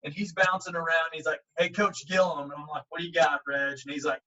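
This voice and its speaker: Animated man coach telling a story. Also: on the high side, fast, far from the mic, a little hiss or hum. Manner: animated, acts out quotes, frequent fillers. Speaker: baseball coach. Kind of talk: casual storytelling in an interview. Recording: muffled audio, speaker set back from the mic.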